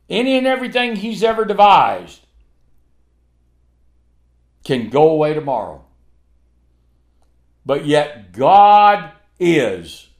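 Male preacher, slow deliberate sermon delivery, lively pitch that rides up and down, punchy emphasis. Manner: slow, emphatic, with dramatic swings in loudness.

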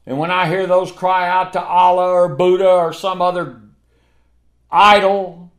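A man preaching a sermon, slow and emphatic, with dramatic swings between loud and hushed delivery. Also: sits high, little pitch movement.

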